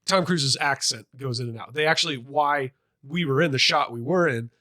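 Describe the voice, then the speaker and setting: A young man co-hosting a podcast, chatting casually and telling theater stories with quick asides. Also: medium pitch, bright, forceful tone, no echo, studio quality. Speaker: podcast co-host. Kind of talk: casual chat.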